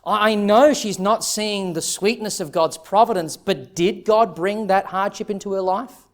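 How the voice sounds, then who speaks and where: A male pastor preaching an expository sermon in an earnest, emphatic way, with dramatic pauses. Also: high-pitched.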